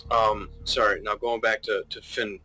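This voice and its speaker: A man serving as game master of a tabletop game narrates scenes haltingly, restarting often because he has the hiccups. His fairly low voice is flat and sharp in tone, with soft background music and poor audio.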